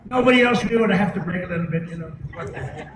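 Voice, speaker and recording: A man's voice: high voice, rapid-fire. Boastful man rambling through an echoey speech. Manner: boastful, digressive, mocking asides. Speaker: political speaker addressing an audience. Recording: distant, echoey live feed with noise.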